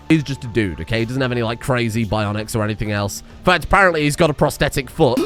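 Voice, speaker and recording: A man giving excitable, sarcastic commentary over a game, scolding the characters as he plays. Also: medium pitch, fairly quick, faint music behind. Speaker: streamer.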